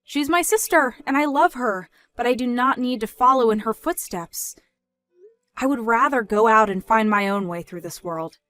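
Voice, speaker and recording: A young woman voicing an independent daughter who speaks in a measured, firm way in a scripted story dub. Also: a little high, a bit bright, soft background music, lightly acted.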